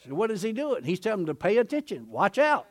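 A middle-aged man preaching a lively sermon in a folksy way. He laughs often, asks his listeners "isn't that right?" and acts out the people in the passage he is reading. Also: high voice, quick pace. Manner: animated, folksy, laughing often, acting out quotes.

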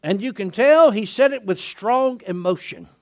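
A middle-aged man preaching a lively sermon in a folksy way. He laughs often, asks his listeners "isn't that right?" and acts out the people in the passage he is reading. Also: sits high, moderate pace. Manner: animated, folksy, laughing often, acting out quotes.

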